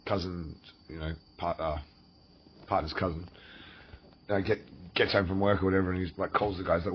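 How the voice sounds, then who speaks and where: A man's voice: low-pitched, fairly even intonation, fairly quick, pauses often, a little hiss or hum. An Australian man telling a personal story in a casual, rambling, profane way, full of fillers and restarts. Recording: dull lo-fi recording.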